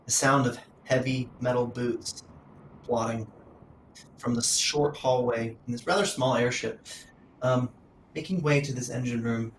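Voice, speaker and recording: A man's voice: medium pitch, steady tone, unhurried, slight background noise. A man narrating as game master of a tabletop game, in a loose, rambling way with fillers. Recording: roomy sound from a distant mic.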